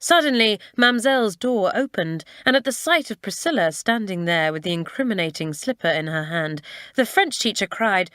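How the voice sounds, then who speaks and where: A woman narrating a children's school story in a measured, expressive storytelling manner. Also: mid-range voice, no echo, clean studio sound. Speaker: audiobook narrator.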